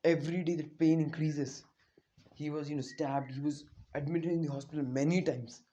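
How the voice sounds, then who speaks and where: A man's voice: fairly high pitch, fairly even intonation, normal speed, mellow. A man casually retelling a fan-made story, rambling with lots of fillers and restarts.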